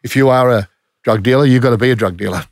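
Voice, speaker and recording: A man's voice: mid-range voice, fast talker, gravelly, dry recording, clean studio sound. A middle-aged man with an Australian accent, a former undercover police officer telling stories in a casual interview, blunt and matter-of-fact with plenty of slang.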